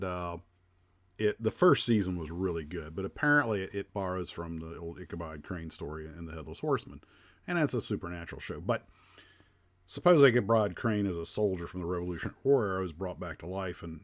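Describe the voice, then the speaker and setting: A man's voice: low voice, lively intonation, brisk. A man hosting a casual livestream chat, talking in a rambling way with lots of fillers and restarts. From United States. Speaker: livestream host.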